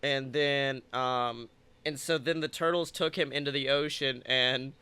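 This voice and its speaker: Young guy rambling a goofy made-up story, crisp bright voice, slow. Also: medium pitch, fairly even intonation. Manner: rambling, playful, crude jokes. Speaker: podcast co-host. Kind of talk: improvised comedic storytelling.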